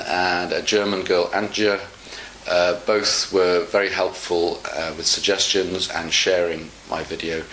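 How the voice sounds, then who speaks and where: A male English teacher talks through a casual lesson, patient and full of fillers as he explains. His voice sits low, and his delivery is slow and measured. A roomy echo and faint background hiss surround him. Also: fairly bright tone. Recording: echoey room with faint hiss.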